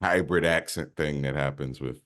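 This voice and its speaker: A male podcast co-host in casual chat, musing slowly with a slight stutter and a habit of saying "man.". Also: very deep voice, fairly bright tone. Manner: musing, slow, repeats "man".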